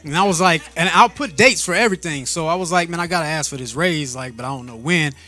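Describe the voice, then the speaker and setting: A man's voice: fairly high pitch, fast talker, bright, forceful tone, faint music behind. A man telling a personal faith story in a casual, earnest way, often repeating and restarting his words and laughing between phrases. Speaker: vlogger sharing a faith testimony.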